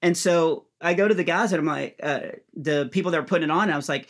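A man's voice: a little high, fast, hardly any pauses. A middle-aged man, a comedian and guest, telling a comic story and acting out the lines of the people in it. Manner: lively storyteller who acts out other people's lines.

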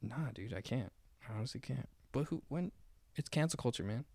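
A man's voice: medium pitch, expressive, brisk, gravelly, darkish tone, husky, no room sound. A young man joking around as a guest on a casual podcast, crude and loose.

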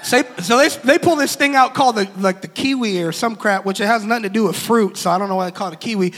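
A young man with a very high, bright voice tells a story from the pulpit, animated and quick to laugh as he acts out each person's lines. His voice rings with the long reverb of a large hall. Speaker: pastor. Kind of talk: storytelling sermon.

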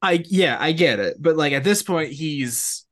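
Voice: medium pitch, lively intonation, a little slow. A podcast co-host who recaps TV scenes step by step, then banters with a sibling co-host. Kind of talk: casual recap chat.

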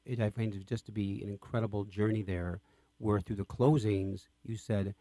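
A man hosting an interview, asking questions with enthusiastic prompting and reacting warmly to the answers. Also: on the low side, steady tone, normal speed, dry recording. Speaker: radio interview host. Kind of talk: interview conversation.

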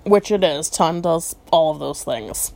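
A woman reads a story aloud at an unhurried, slow pace, her voice sitting somewhat low. She drifts into musing side comments and fills pauses with ums as she goes. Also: expressive, vocal fry, dark tone. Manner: thoughtful, musing asides, frequent ums. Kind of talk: reading a book aloud with asides.

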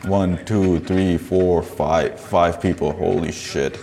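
A man's voice: low-pitched, fairly even intonation, takes it slowly, vocal fry, dark tone. A man hosting a podcast, commenting on videos in a profane, rambling way and laughing often. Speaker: podcast host.

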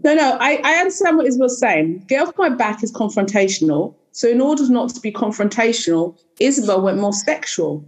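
A woman's voice: fairly high pitch, expressive, fairly quick, hardly any pauses. A young woman co-hosting a casual chat podcast, joking in a playful, mock-serious way. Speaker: podcast co-host.

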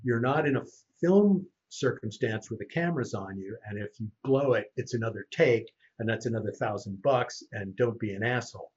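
Man, voice actor, husky tone, slightly dull recording, casual storytelling. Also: medium pitch, normal speed, few pauses. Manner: animated anecdote teller. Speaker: voice actor guest. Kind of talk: casual podcast chat.

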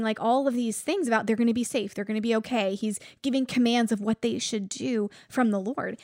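A woman preacher with a slightly high voice talks through a Bible story in an easy, conversational way. She restarts sentences as she hunts for the right words. The recording is dry and close, with no room sound. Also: dry recording. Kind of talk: informal sermon.

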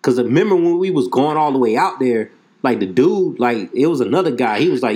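A man co-hosting a casual chat, telling an animated, profane story. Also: mid-range voice, a little fast.

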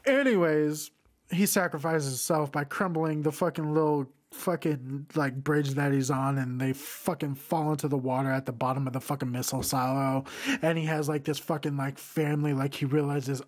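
A man's voice: mid-range voice, steady tone, moderate pace. A man hosting a podcast, giving a rambling, profanity-heavy film review in a casual rant. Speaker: podcast host reviewing films.

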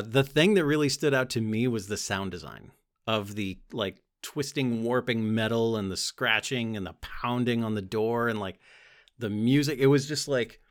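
A young man talks into his podcast mic in a loose, rambling way. He gets excited and swears freely, breaking into laughs between his thoughts. His voice sits at an ordinary middle pitch. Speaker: podcast host. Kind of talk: casual solo podcast review.

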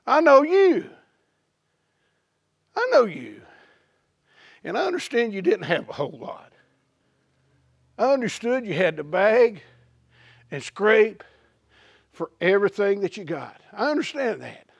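God, booming fatherly welcome, high gravelly voice, dry sound, a preacher acting him out. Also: sing-song, unhurried, dry recording, lo-fi sound, heavily acted. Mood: tender. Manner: booming, shouting reassurance.

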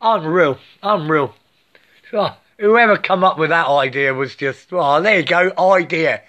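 Rambling high-voiced man in his fifties. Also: unhurried, sharp tone. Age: 50s. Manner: profane, repetitive, keeps asking "yeah?". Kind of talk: rambling spiritual monologue.

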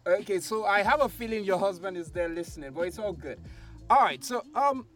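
A man's voice: sits high, animated, fairly quick, fairly bright tone, faint music behind. A man hosting a casual interview, asking playful, teasing questions. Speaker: host.

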